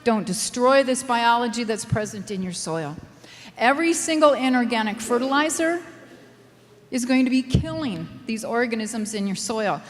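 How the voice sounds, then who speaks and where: A woman's voice: fairly high pitch, in a large hall. A woman from Minnesota with a Scandinavian-tinged Minnesota accent, giving an emphatic, wry conference lecture full of rhetorical questions. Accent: Minnesota with a Scandinavian lilt. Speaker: soil scientist giving a lecture.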